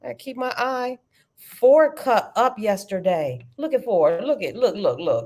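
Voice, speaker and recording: Middle-aged woman running a trading livestream, chatty and animated, keeps saying y'all, mid-pitched voice. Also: unhurried. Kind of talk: casual live-stream chat.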